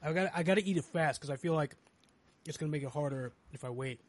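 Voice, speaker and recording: A man's voice: fairly high pitch, fast talker. Man groaning through a burning chip. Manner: groaning and swearing through a spicy chip challenge. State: in pain from burning spice. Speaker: podcast host. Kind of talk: casual chat.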